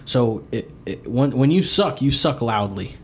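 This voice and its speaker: A man in a loose podcast chat, talking about drums in a laid-back, profane way. His voice sits at a middle pitch, with faint noise underneath. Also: lively intonation, unhurried. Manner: loose, swearing, laughing banter. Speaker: podcast host and drummer. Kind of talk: casual chat.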